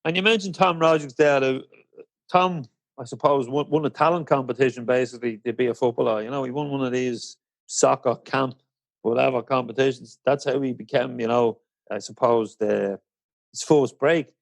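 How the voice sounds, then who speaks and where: A man's voice: medium pitch, fairly even intonation, moderate pace, creaky, no room sound. A man hosting a fan podcast, interviewing a guest in a friendly, bantering way. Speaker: podcast host. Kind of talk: casual interview chat.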